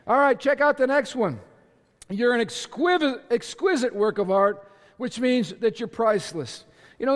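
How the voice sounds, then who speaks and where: A male pastor preaching a sermon to a congregation, energetic and emphatic, with sudden shouts and playful asides. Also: sits high, in a large hall. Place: church auditorium with congregation.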